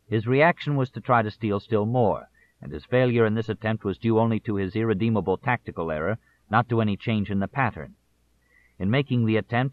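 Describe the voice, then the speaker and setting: Male audiobook narrator, lowish pitch, measured delivery, tinny phone-like sound. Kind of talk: scripted narration.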